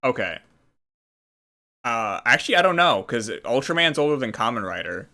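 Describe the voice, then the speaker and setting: A man's voice: medium pitch, very animated, normal speed, pushed and bright. A man hosting a casual chat, rambling as he explains trivia. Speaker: host.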